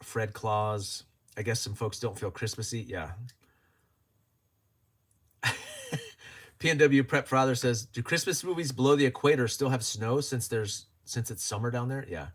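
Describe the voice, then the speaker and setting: A man's voice: medium pitch, a little slow, pauses often. Joking man hosting a livestream. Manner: chatty and joking, laughs often. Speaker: livestream host. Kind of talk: casual livestream chat, reading viewer comments.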